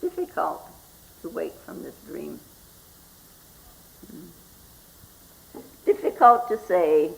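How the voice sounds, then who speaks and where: An older woman, a Zen teacher, giving a slow, reflective spoken talk and often asking "hmm?" as she goes. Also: low-pitched, very animated, creaky, low-quality recording. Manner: slow and reflective, with frequent questioning "hmm?" asides.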